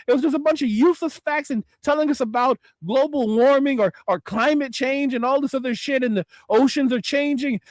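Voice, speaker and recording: A man with a very high voice for a man, ranting in exasperation and swearing constantly as he reacts to videos on stream. The sound is dry and close, with no room around it. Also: brisk, few pauses, no room sound. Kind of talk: profane reaction rant.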